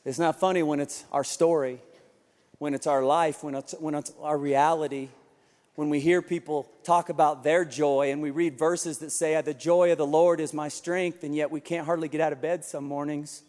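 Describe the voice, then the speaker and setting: Male pastor, sermon, high voice, self-deprecating storyteller, church hall reverb. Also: steady tone, normal speed, darkish tone.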